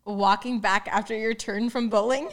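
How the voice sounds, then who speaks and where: A young woman co-hosting a podcast in casual chat, giggly and animated as she tells stories. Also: fairly high pitch, moderate pace. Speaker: podcast co-host.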